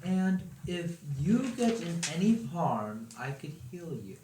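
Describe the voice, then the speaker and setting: A player in a tabletop game talks slowly, drawing words out, with a lively rise and fall in pitch. The voice comes from away from the mic in an echoey room. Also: distant mic, crowd noise. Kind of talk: casual tabletop game play.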